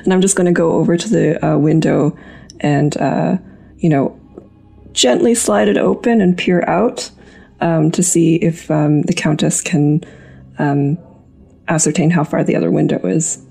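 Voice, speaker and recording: Female player, low-ish, gravelly, hesitant; faint music behind. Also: steady tone, a little slow, mellow. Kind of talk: casual tabletop game play.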